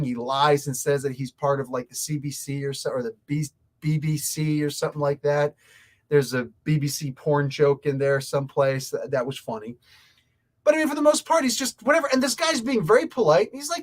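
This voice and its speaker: Male reviewer-host, heated rambling rant to camera, very lively pitch swings. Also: brisk. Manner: heated, rambling, talks straight to viewers. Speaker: comic book reviewer.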